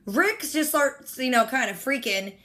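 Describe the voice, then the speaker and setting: A woman giving a casual, animated recap of a TV episode in slangy, excitable storytelling. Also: sits high, normal speed. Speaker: TV reaction host.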